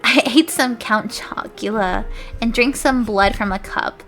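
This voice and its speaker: A woman's voice: a little high, a little slow, soft background music. Laughing young woman streamer reading aloud. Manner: animated mock-dramatic reading, stumbles over words, laughs.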